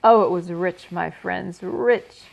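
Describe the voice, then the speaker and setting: A woman voicing a gluttonous male barn rat with a husky, hoarse voice, loud and slow drawling. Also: lowish voice, heavily acted. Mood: gloating.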